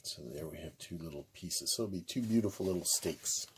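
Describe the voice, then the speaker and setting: A very deep-voiced man talks easily through a home cooking demo, calling each dish beautiful as he goes. He sounds relaxed and unhurried in his own kitchen. A faint pan sizzle stays in the background. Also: slight background noise. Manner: easygoing, keeps calling the food beautiful. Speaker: home cook hosting a cooking video. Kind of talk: casual cooking demonstration.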